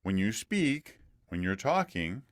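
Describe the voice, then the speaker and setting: A man's voice: fairly low pitch, sing-song, takes it slowly, no echo, studio quality. A man coaching a student through a one-on-one voice lesson, patient and demonstrative, repeating points for emphasis.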